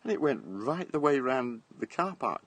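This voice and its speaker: A middle-aged Englishman chats bluntly on a casual live stream from his garden, holding his phone at arm's length, laughing often and swearing. His mid-range voice is sing-song and a bit bright, at normal speed.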